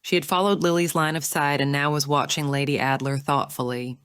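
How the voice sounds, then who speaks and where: A woman narrating an audiobook in a measured, even storytelling manner, recorded close on a studio mic. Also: deep voice, clean tone, no echo. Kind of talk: scripted narration.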